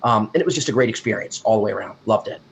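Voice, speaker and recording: A man's voice: on the low side, rapid-fire, vocal fry, a little hiss or hum, rough recording. A man from the United States, a wedding DJ and emcee, chatting in a friendly, storytelling way as a guest. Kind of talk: casual interview chat.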